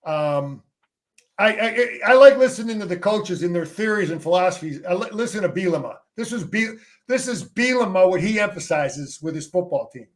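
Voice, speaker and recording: A man's voice: high voice, animated, normal speed. A middle-aged man, a former player and coach, talking football as a guest in an emphatic, salty way, often repeating words as he restarts his sentences. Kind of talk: casual sports talk.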